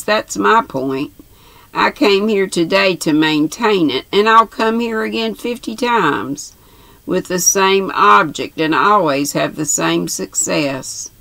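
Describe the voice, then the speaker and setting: Woman doing a cold defiant young guy, low voice, slow, gravelly. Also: sharp tone, no room sound, exaggerated voice.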